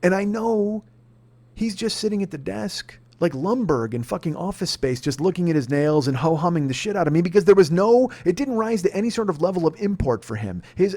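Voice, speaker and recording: A man in his forties rattles off a story at a rapid clip, swearing and sounding exasperated. His voice sits a little high for a man. He is a comedian hosting his own podcast. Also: darkish tone. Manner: heated, profane, exasperated ranting. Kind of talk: ranting storytelling monologue.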